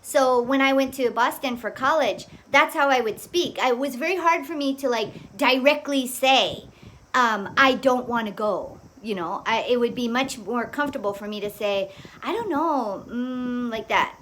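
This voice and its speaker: Middle-aged woman, fairly high voice, loose rambling storyteller. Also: normal speed, a bit bright, slight background noise. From Hawaii. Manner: rambling, with many fillers and frequent laughs. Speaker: vlogger. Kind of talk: casual storytelling monologue.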